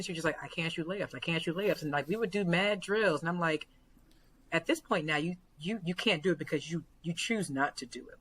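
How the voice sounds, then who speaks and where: A young adult woman, a basketball coach, chatting as a podcast guest in animated storytelling with lots of "like" fillers. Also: sits low, a little hiss or hum, low-quality recording. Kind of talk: casual podcast conversation.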